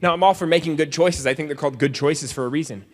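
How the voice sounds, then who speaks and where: A man's voice: on the high side, fast. A man giving a comedic motivational speech to students, joking and acting out little scenes as he tells them. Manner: joking, animated storyteller who acts out scenes. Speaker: motivational speaker. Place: large convention hall. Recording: reverberant convention hall.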